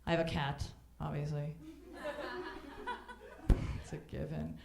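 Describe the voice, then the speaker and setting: A woman's voice: sits low, flat delivery, slow pace, vocal fry, darkish tone. A woman performing a stand-up comedy set on a club stage, brash and bawdy, often breaking into mocking voices for the people she quotes. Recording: echoey club room.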